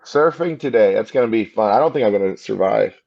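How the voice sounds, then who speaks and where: A man's voice: on the low side, lively intonation, a little fast, gravelly, darkish tone. An American man and comedy podcast co-host, chatting casually in a rambling, laid-back way while hungover. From United States. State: hungover, just woke up. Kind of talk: casual chat. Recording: slightly dull lo-fi sound.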